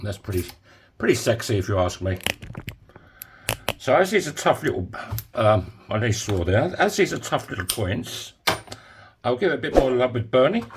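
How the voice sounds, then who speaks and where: A man's voice: medium pitch, very noisy. A man giving a casual DIY tutorial in his home workshop, chatty and jokey with self-mocking asides. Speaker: coin ring maker.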